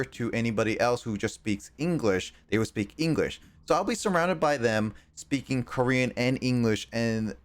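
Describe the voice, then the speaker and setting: A man with a low, smooth voice chats casually over his gameplay. His R sounds carry a slight L-like tongue flick, and he rambles along with fillers and restarts. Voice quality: R sounds bend toward L. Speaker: streamer. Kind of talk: casual chat while gaming.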